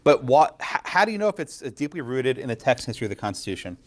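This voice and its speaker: A man lecturing a law class, quizzing students and tagging points with quick questions. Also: mid-range voice. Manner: lively, quizzes students, frequent tag questions. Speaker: law professor.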